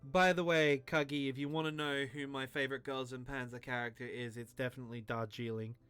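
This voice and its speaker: A man's voice: mid-range voice, little pitch movement, a little fast, fairly bright tone, clean tone. A tipsy man streaming a game, rambling, self-mocking and crude as he talks to his chat. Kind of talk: drunken game commentary.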